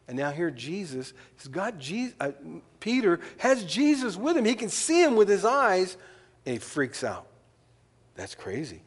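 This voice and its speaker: A man's voice: medium pitch, darkish tone, in a large hall. A man preaching a sermon, reading scripture aloud and breaking off for casual joking asides. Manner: reads scripture then adds joking asides.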